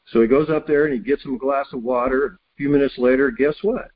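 A man delivers a sermon in a slightly husky voice, telling a homely story before reading scripture aloud. The recording is somewhat dull. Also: on the high side, moderate pace, few pauses. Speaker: preacher.

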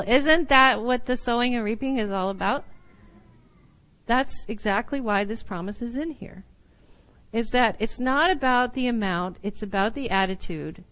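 A woman teaching a Bible lesson to a group, her voice sitting a little high. She is animated and laughs often, sometimes slipping into playful little voices to act out a point. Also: normal speed, rough recording. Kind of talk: sermon teaching.

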